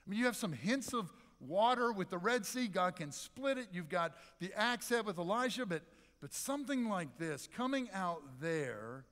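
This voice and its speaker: Male pastor preaching, lively with big pauses, slightly high voice, long church echo. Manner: animated, conversational preaching with dramatic pauses. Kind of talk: sermon. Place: church sanctuary.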